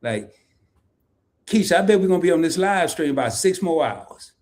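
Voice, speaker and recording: A middle-aged man hosting a casual live stream, talking in a playful, animated way and laughing often. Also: a little high, moderate pace. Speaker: host.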